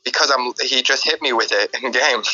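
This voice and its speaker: A man chatting on a game stream, stammering and jumping in with excited interjections. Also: medium pitch, brisk. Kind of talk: casual voice chat banter. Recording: lo-fi voice chat audio.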